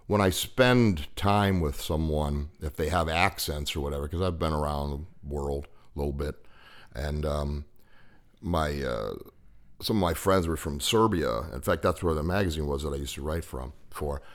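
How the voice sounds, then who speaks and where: A man in his fifties with a very low voice spins stories in an easygoing podcast chat. He rambles and hesitates, filling gaps with fillers as he goes. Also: moderate pace. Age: 50s. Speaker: guest. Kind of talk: casual storytelling chat.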